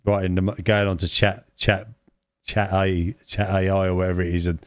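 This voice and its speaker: A man's voice: low-pitched, little pitch movement, moderate pace, smooth, no room sound, studio quality. A man co-hosting a podcast, rambling in casual chat, repeating words and adding tag questions. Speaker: podcast co-host.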